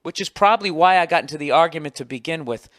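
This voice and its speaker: A man in his forties with a Boston accent tells a story in an exasperated, profane rant, his voice pitched slightly high. He keeps jumping into loud outbursts. The recording is close and completely dry. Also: quick pace, no echo. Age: 40s. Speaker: podcast host. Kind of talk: ranting comic monologue.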